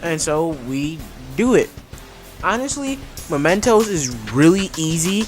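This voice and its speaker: A young man talks casually through his game run in a slightly high voice, cracking jokes and cursing as he goes. Soft music plays faintly underneath. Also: lively intonation, measured pace. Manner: casual, joking, swears freely. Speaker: gaming YouTuber. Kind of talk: casual commentary.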